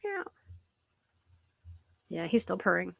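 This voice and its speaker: A woman's voice: fairly low pitch, sing-song, slow, vocal fry, no room sound. A woman vlogging casually from home at her computer, rambling with lots of fillers and cooing at her cat. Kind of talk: casual chat to camera. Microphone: computer microphone.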